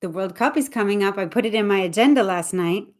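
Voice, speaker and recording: A woman English teacher chatting casually on a livestream, talking quickly and interrupting herself as she speaks to viewers. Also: medium pitch, darkish tone. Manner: fast, chatty, self-interrupting, talks to viewers.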